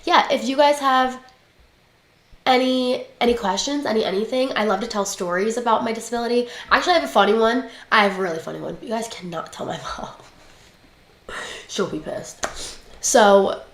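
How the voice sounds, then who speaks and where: A woman's voice: on the high side, a little fast. Blunt, chatty young woman, roomy echo. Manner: blunt, swears freely, chatty and animated. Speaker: livestream guest. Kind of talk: casual storytelling. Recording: roomy echoey room.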